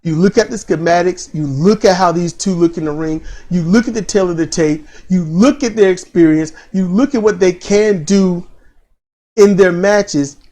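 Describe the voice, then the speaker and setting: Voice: mid-range voice, moderate pace, mellow. A podcast co-host in casual wrestling commentary chat, telling stories with laughter and mimicking others.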